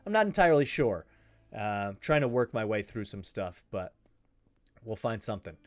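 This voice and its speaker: A man's voice: lowish voice, very animated, moderate pace, dry recording. Man, sports betting host, casual, emphatic, repeats for stress, dry sound. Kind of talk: casual betting picks talk.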